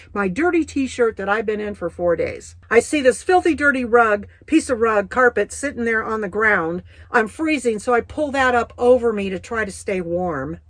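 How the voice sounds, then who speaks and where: A woman's voice: on the high side, no echo. Blunt, folksy middle-aged woman storyteller. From United States. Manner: vivid, folksy and blunt, with colloquial turns. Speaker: Christian testimony speaker. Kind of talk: personal testimony storytelling.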